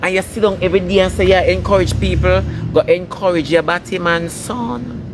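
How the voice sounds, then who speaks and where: A man's voice: high-pitched, steady tone, brisk, music in the background. A man with a Jamaican accent delivering a scolding, preachy rant full of emphatic repetition. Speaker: entertainer ranting online. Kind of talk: ranting commentary.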